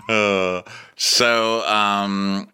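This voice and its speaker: A man's voice: fairly low pitch, flat delivery, drawn-out words, bright, forceful tone, smooth. A man co-hosting a comedy podcast that recaps reality TV. He makes wry asides and bursts into campy mimicry. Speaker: podcast co-host.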